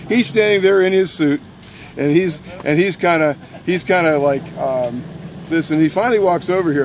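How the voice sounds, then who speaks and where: Excitable man telling a story outdoors. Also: fairly high pitch, normal speed, a little hiss or hum. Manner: excitable, restarts and repeats words, laughs mid-sentence. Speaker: militia member recounting a protest. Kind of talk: animated first-person storytelling.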